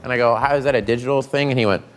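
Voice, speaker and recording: A man telling animated anecdotes as a talk show guest, laughing and slipping into voices. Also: medium pitch, racing, very noisy.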